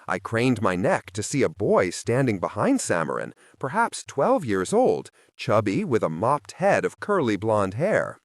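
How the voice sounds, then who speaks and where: Man, audiobook narrator, low voice, very lively intonation, dry close mic. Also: unhurried, hardly any pauses, no echo. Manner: expressive, first-person storytelling. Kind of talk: scripted narration.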